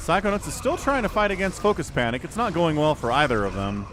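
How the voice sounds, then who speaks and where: A man's voice: fairly high pitch, sing-song, fast. A man giving casual, playful live commentary on a strategy game, reading out players' chat lines in mock voices. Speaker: game caster.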